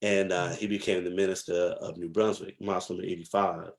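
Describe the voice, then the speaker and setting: A man's voice: low voice, level tone, brisk, creaky. A man from New Jersey, a guest historian, telling stories from his past in a reflective, emphatic way with many fillers. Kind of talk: casual interview storytelling.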